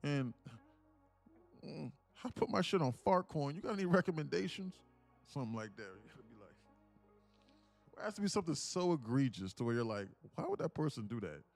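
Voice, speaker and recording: A man with a slightly high voice, vocal fry, and long pauses hosts a live day-trading stream at a moderate pace over soft background music. Chatting casually with viewers, he jokes, swears freely, laughs often, and keeps things lively.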